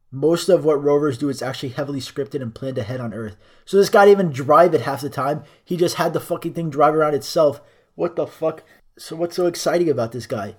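A man's voice: mid-range voice, darkish tone. A young man hosting a solo podcast, reading articles aloud and ranting about them in a profane, sarcastic way. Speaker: podcast host.

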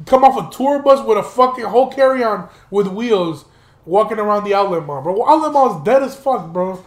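Young male podcast host, high-pitched, loose and profane storyteller, roomy echo. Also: lively intonation, normal speed. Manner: profane, rambling, laughs while telling. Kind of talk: casual storytelling monologue.

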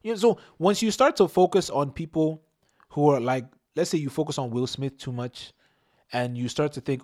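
A young man hosting a casual podcast chat, giving emphatic advice with lively bursts. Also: medium pitch, moderate pace. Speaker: podcast host.

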